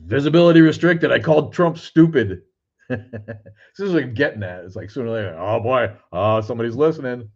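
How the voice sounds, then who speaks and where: A man's voice: mid-range voice, lively intonation, a little fast, a little mellow, highs cut off. An older man hosting a livestream, reading chat and rambling bluntly with plenty of swearing. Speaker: livestream host. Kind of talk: casual livestream chat, reading comments aloud. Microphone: streaming cameras.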